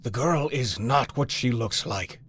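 A man's voice: mid-range voice, expressive, a little slow, fairly bright tone. Man doing a grim, commanding school principal. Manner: cold, insistent orders.

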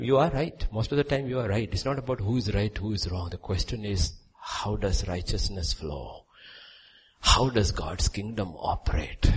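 A male preacher delivering a sermon, moving from quiet asides to loud, soaring exhortation and repeating short commands for emphasis. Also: on the low side, husky.

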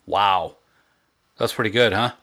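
A man's voice: lowish voice, steady tone, measured pace, sharp tone. A man co-hosting a podcast, chatting casually and telling stories with enthusiasm. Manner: enthusiastic, storytelling. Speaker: podcast co-host. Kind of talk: casual chat.

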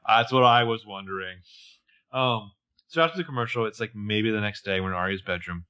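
A man's voice: lowish voice, brisk, pushed and bright, smooth. A man co-hosting a podcast, casually recapping a TV episode and jokingly acting out characters' lines. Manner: jokey, acts out characters' lines in passing. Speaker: podcast co-host.

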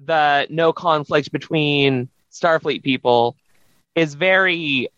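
A man's voice: a little high, takes it slowly, a bit bright, dry recording. A man calling in to a podcast, talking casually with many hesitations and restarts. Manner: hesitant, lots of fillers and restarts. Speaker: caller. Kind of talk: casual call-in chat. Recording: dull lo-fi dry line.

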